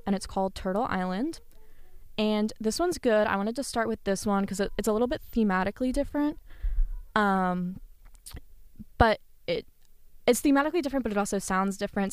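Woman host reading a poem then just chatting, smooth clear voice, super dry close sound. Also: medium pitch, no room sound. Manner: chatty, self-effacing. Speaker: host presenting a playlist. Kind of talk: poetry reading and casual spoken commentary.

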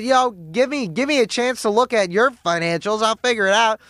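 A man with a fairly high voice hosts his radio show from the studio, ranting in a mock-serious, sarcastic way. He rambles, cuts himself off and restarts his sentences as he goes. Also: big pitch swings, brisk, hardly any pauses, a bit bright, no room sound. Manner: sarcastic, rambling, self-interrupting. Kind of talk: comedic monologue rant.

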